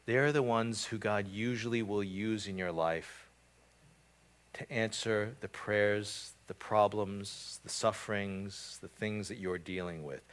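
A man's voice: fairly low pitch, fairly even intonation, a little slow. A man preaching a casual sermon, with frequent fillers and repeated words. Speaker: pastor. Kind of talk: conversational sermon.

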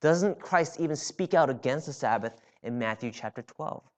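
A man's voice: mid-range voice, expressive, moderate pace. A man preaching a sermon in a church, talking casually and often checking in with "right?". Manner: conversational with frequent "right?" asides. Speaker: pastor.

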